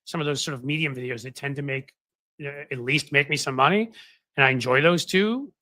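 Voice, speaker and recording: This male political commentary host has a medium-pitched voice and a bright, brisk, chatty delivery, captured dry on a desk microphone. His casual live-stream talk rambles along, full of fillers and restarts.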